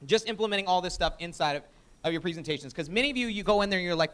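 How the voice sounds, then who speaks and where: A man presenting a live sales training workshop, energetic and emphatic, often quizzing the audience. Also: high-pitched, fast, clear, resonant tone.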